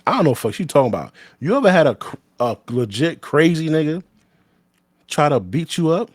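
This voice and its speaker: A man's voice: fairly high pitch, very animated, brisk, no room sound. A man, a former corrections officer telling a story in casual, blunt, profane talk that often restarts mid-sentence.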